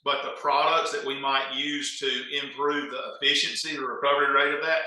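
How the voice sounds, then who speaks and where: A Southern man gives measured explanations as a guest on a farm podcast. His voice is very bright and sharp. He is recorded in a very echoey room. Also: medium pitch, little pitch movement. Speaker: agronomy consultant guest. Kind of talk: casual interview.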